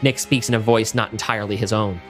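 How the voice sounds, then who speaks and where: A man's voice: lowish voice, fairly even intonation, quick pace, faint music behind. A man co-hosting a podcast, narrating a monster script at a table read in a vivid storytelling manner. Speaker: podcast co-host.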